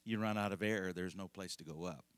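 A man's voice: sits low, a little fast, no echo. A middle-aged male pastor telling a rambling, folksy story in a conversational sermon, laughing often.

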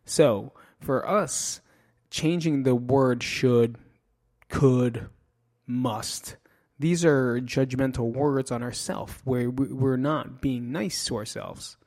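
A man's voice: mid-range voice, slow pace, darkish tone. A man in his thirties hosting a casual podcast monologue, blunt, profane and self-mocking, rambling loosely with restarts. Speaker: podcast host.

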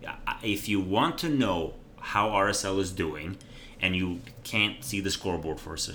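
Low, bright-voiced laid-back man. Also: a little slow, slight background noise. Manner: laid-back, affirming, wry. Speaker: podcast co-host. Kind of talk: casual sports chat.

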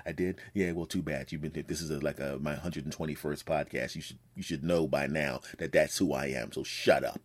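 A man with a fairly low voice talks alone on his podcast, spinning a story in a loose, rambling way. He jokes, swears and slips into little acted-out quotes of other people. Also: a little mellow. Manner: rambling storytelling, acts out quotes, profane and joking. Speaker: podcast host. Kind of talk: casual monologue.

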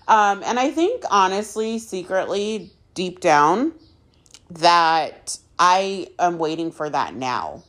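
Slow, low-voiced woman telling her story. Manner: candid, halting, frequent ums and restarts. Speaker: podcast host. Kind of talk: personal storytelling monologue.

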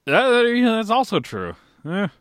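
A man's voice: sits high, huge pitch swings, normal speed, a bit bright, no room sound, studio quality. A man co-hosting a podcast, griping about sports with profane, sardonic humor. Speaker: podcast co-host. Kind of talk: casual sports chat.

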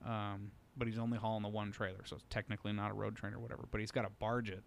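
A man's voice: fairly low pitch, little pitch movement, very fast, vocal fry, a little hiss or hum. A man co-hosting a podcast in a studio, telling a long story in casual chat full of fillers. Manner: rambling storyteller, many fillers. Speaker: podcast co-host.

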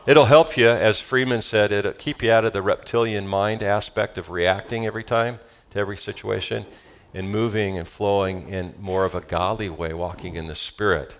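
A man preaching a sermon as pastor, animated and calling out to the congregation, then reading a story aloud with feeling. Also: on the low side, moderate pace. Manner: animated, calls for audience responses.

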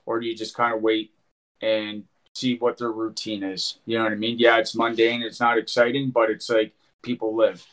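A man's voice: on the low side, monotone, normal speed, a bit bright, poor audio. A man talking as a guest in casual chat, laid-back and matter-of-fact.

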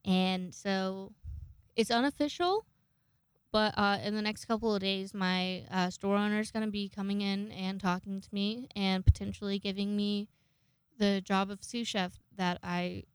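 A woman's voice: medium pitch, steady tone, measured pace, smooth, dry recording. A young woman hosting a casual show, telling rambling stories with lots of swearing and self-mockery. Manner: rambling, profane, self-mocking. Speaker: podcast host. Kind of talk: casual storytelling chat.

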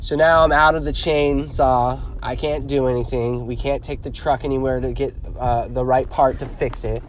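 In a laid-back vlog, a young man from California spins a meandering, foul-mouthed tale, performing each quoted line with gusto. He speaks at a moderate pace in a medium-pitched voice, over slight background noise.

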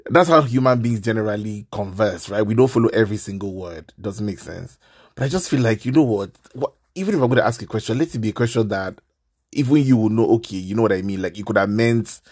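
A man, hosting a casual podcast and ranting in an animated, exasperated way. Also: lowish voice, quick pace, breathy edge.

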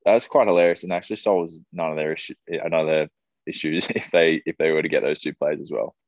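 Man, young adult, Australian accent, low voice, casual podcast host, dry lo-fi. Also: steady tone, a little fast, no room sound. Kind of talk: casual chat. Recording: dry, dull lo-fi sound.

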